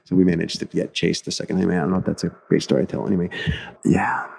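Low gravelly man in casual chat. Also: flat delivery, fast, darkish tone. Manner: rambling storyteller, many restarts and acted-out quotes.

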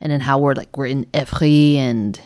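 A woman's voice: rumbling low, fairly even intonation, normal speed, darkish tone, no echo, clean studio sound. A woman co-hosting a podcast, talking in a rambling, hesitant way with many fillers and laughs. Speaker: podcast co-host. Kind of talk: casual chat.

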